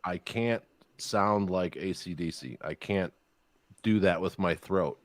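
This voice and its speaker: Low-voiced joking man, dry close sound. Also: slow pace, no room sound. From Chicago area. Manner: profane, jokey storyteller who slips into voices. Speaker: podcast host. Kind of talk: casual chat.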